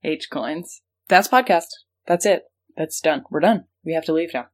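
A woman's voice: deep voice, animated, normal speed. A woman co-hosting a casual comedic podcast in a playful, goofy, joking way. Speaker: podcast co-host.

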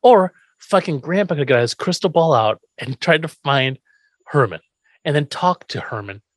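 Animated male co-host, swears freely, dry studio mic. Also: on the high side, moderate pace, dry recording. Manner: animated, profane, acts out characters. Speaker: podcast co-host. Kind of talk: casual chat recapping an episode.

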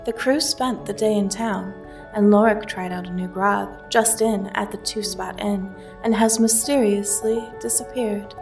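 A woman reading a scripted recap in a measured, announcer-like way. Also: mid-range voice, fairly even intonation, creaky. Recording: distant voice over music.

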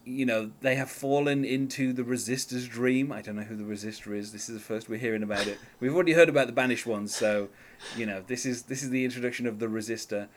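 A man's voice: on the low side, quick pace. Guy hosting a music podcast, chatty and rambling, lots of ums. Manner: rambling, hesitant, many fillers and laughs. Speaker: podcast host. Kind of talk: casual music discussion.

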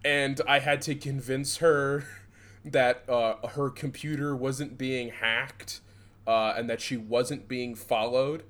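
A man's voice: medium pitch, level tone, takes it slowly, fairly bright tone. A young man from Michigan co-hosting a podcast, rambling and swearing as he tells old work stories with laughs. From Southeast Michigan. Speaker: podcast co-host. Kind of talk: casual chat.

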